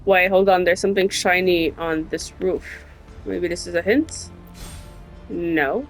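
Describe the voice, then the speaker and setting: A woman's voice: on the low side, a little slow, faint music behind. A young woman casually chatting and muttering to herself while playing a game, now and then swearing. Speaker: gaming streamer. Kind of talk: casual gameplay commentary.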